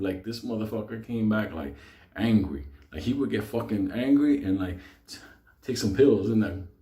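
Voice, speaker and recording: A man spins a street story in loose, casual talk, swearing freely and breaking into laughter. His voice sits at an ordinary middle pitch, and the recording carries a roomy echo. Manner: profane, animated, laughs often.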